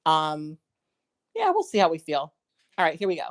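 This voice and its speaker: A woman hosts a live call-in show in a relaxed, chatty way. She reassures her callers in a friendly tone, close to a dry mic with no room sound. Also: low voice, normal speed, no room sound. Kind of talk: casual live call-in chat.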